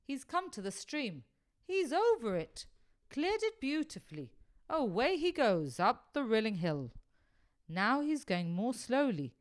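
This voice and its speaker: A woman voicing an eager, brave schoolboy in a storybook reading, talking in a raised, lively voice. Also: high-pitched, measured pace, smooth, dry recording, studio quality. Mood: excited. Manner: excited, breathless commentary.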